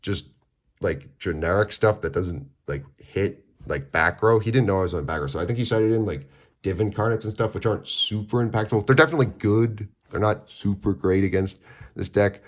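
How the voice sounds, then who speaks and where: A deep-voiced man rambles through a casual vlog story, recapping a card game tournament he played in. He uses lots of fillers and acts out both sides of conversations.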